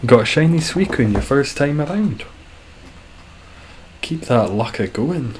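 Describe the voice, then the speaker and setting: A man chatting casually and dryly while live-streaming a game, describing his own voice as monotone. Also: mid-range voice, measured pace, a little hiss or hum. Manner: dry, self-deprecating, calls his voice monotone.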